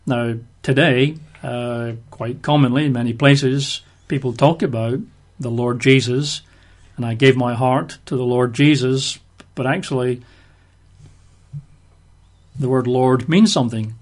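A man's voice: mid-range voice, fairly even intonation, measured pace. Conversational man teaching the Bible. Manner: explanatory, uses everyday examples.

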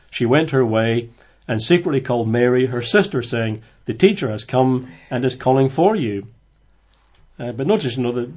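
A man giving an informal Bible study, reading verses aloud and then commenting on them in a relaxed, conversational way. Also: medium pitch, highs cut off. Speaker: Bible teacher.

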